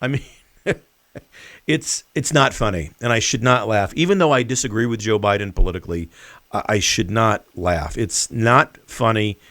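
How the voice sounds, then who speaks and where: A man hosting a political commentary show, speaking in an emphatic, deliberate and mocking way. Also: lowish voice, a bit bright, no echo. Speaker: host.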